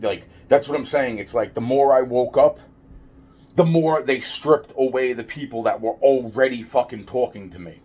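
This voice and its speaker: A man with a medium-pitched, darkish voice speaks at normal speed directly to camera. As a vlogger, he delivers a rambling, profane rant, going over the same points and stumbling over restarts in this ranting monologue.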